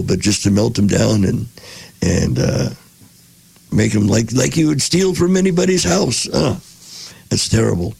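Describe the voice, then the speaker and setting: A man's voice: on the low side, gravelly, darkish tone, husky, no room sound. A man hosting a casual podcast, reading passages aloud and breaking off to joke and react. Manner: reads passages then jokes and reacts.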